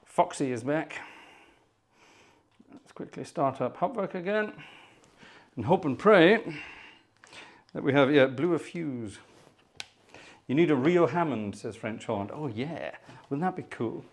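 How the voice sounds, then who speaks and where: A man's voice: on the high side, animated, measured pace, pauses often. A man hosting an organ music livestream, chatting casually and narrating his own troubleshooting with exasperated muttered asides. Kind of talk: casual live-stream chat.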